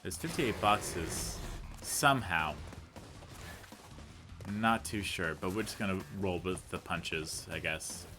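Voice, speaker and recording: A deep-voiced man narrates his video game playthrough slowly, leaving long pauses, over music. As a let's-play commentator he chats and meanders off on tangents, mocking himself with jokey asides.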